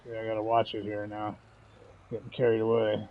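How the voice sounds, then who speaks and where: A man's voice: lowish voice, fairly even intonation, measured pace. Folksy guy chatting through a farming game, laughs a lot, kinda dull lo-fi mic. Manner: folksy, chatty, chuckles often. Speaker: gaming channel host. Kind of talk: casual gameplay commentary.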